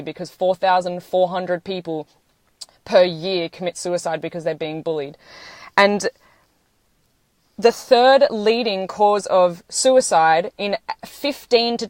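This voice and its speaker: Close to tears, this social media livestreamer in her thirties speaks earnestly and curses bluntly through an emotional monologue. Her voice is fairly low and a bit mellow, her pace measured, and the close phone recording is dry.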